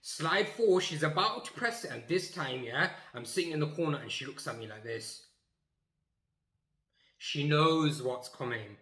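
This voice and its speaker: A young man tells a funny school story in an animated, emphatic way, acting out each moment. His voice is bright and forward. The sound bounces around an echoey room. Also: fairly high pitch, measured pace. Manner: animated, acts out scenes, emphatic. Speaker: YouTuber. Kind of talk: comic storytelling.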